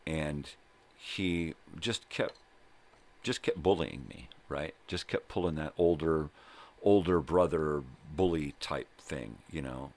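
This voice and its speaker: A man's voice: rumbling low, slow. An older man hosting his own video log, telling a personal story in a rambling, profane way and often checking in with "right?" and "you know?". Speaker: vlog host. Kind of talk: casual personal storytelling monologue. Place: at home.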